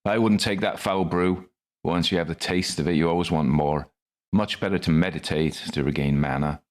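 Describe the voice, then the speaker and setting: A man voicing a grey-bearded old Victorian chemist with a West Country accent, measured and stern. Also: deep voice, fairly even intonation, a little mellow, lightly acted. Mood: disapproving. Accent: West Country English.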